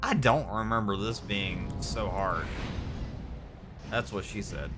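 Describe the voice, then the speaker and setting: A man streaming a game live, muttering to himself with frustrated sighs and sudden loud outbursts. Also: fairly low pitch, slow, music in the background. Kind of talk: live gameplay commentary.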